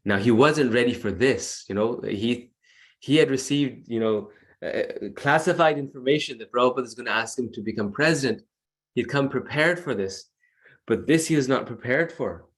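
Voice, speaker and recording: A man's voice: mid-range voice, moderate pace, fairly bright tone. Male devotional lecturer, earnest storyteller, video call audio. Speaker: devotional class speaker.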